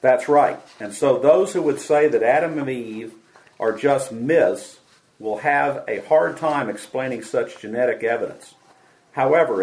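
A man hosting a radio show, reading a scripted dialogue aloud in a measured way. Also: medium pitch, a little mellow, rough recording.

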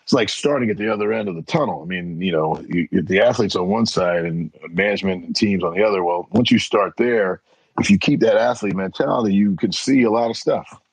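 A man's voice: on the low side, a little fast, slightly rough, no echo, low-quality recording. A middle-aged man, an interview guest, telling casual stories and acting out the voices of the people in them. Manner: animated, acts out voices in anecdotes. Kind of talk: casual storytelling.

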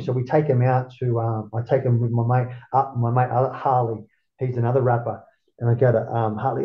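An Australian man, a former surfer being interviewed, telling stories casually, swearing a lot and jumping up in pitch to act out what people said. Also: quick pace, creaky, roomy sound, muffled recording. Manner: animated, swears constantly, acts out quotes in a raised voice. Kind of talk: casual storytelling.

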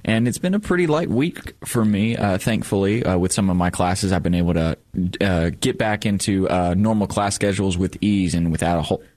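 A man's voice: low-pitched, brisk, darkish tone, no room sound. A young man, a college student on a radio show, polite and talking through hiccups with many fillers. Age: young adult.

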